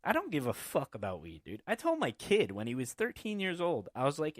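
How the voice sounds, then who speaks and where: A man's voice: fairly high pitch, huge pitch swings, brisk, no echo, clean studio sound. A man hosting a casual podcast, telling stories in a profane, rambling way. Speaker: podcast host. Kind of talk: casual chat.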